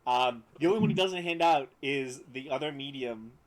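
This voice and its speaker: A man narrates a tabletop game as game master, describing scenes at length. His voice sits at a middling pitch, and his delivery is loose, with frequent fillers. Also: normal speed, a loud crowd, rough recording.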